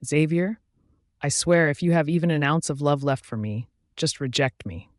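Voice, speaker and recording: A man's voice: on the high side, lively intonation, moderate pace, dry recording, studio quality, lightly acted. A man voicing a drunk, heartbroken young she-wolf who pleads and rages in a raised voice. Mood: pleading.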